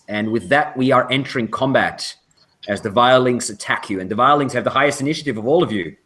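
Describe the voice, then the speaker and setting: A man running a tabletop role-playing game as game master, narrating scenes slowly and atmospherically. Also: medium pitch, a bit bright.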